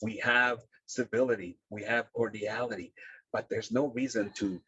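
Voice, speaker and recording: A man presenting a parenting talk over a video call, with a lowish, slightly husky voice. He speaks earnestly, stopping and restarting with plenty of fillers. The audio is dull and dry. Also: fairly even intonation, bright, forceful tone, no room sound. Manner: earnest, halting with many fillers. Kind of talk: workshop talk.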